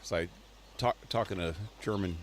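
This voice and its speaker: A man's voice: sits low, normal speed, slight background noise. A man streaming a game live, rambling and chuckling as he plays and talks to his dog. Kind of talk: live gameplay commentary.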